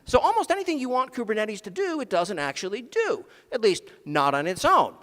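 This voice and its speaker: Male speaker on a conference stage, dry sarcastic wit, very animated delivery, reverberant hall sound. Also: sits high, a little fast. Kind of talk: comedic technical talk. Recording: long reverb of a large hall.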